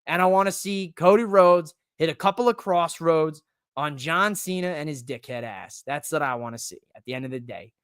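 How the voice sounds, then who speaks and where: A man hosting a podcast, ranting casually about wrestling in an animated, profane, joking way. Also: a little high, normal speed, smooth, no room sound, clean studio sound. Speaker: podcast host. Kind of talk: casual wrestling recap rant.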